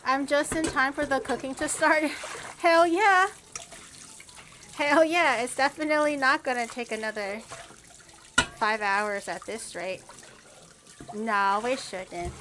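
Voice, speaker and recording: A woman's voice: fairly high pitch, noisy background. A woman streamer chatting casually with her viewers while baking in her kitchen, playful and teasing as she reacts to chat. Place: home kitchen.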